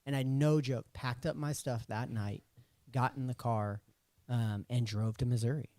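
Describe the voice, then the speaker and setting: Animated storytelling man, mellow voice. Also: mid-range voice, normal speed, dry recording, clean studio sound. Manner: animated storyteller acting out quoted dialogue. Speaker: podcast guest, recording artist. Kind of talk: casual storytelling interview.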